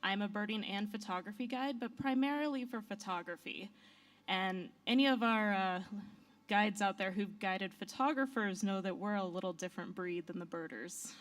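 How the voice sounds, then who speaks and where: A woman's voice: medium pitch, normal speed. An American woman who works as a photography guide, giving a friendly talk at a conference. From United States. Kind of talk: conference presentation. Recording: voice from a distance off the mic.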